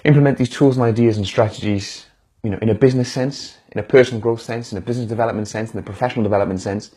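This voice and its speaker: Male motivational speaker, live stream; warm, encouraging, speaks straight to viewers; slightly raspy. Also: fairly low pitch, steady tone, rapid-fire. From United Kingdom. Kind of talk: live-streamed casual pep talk.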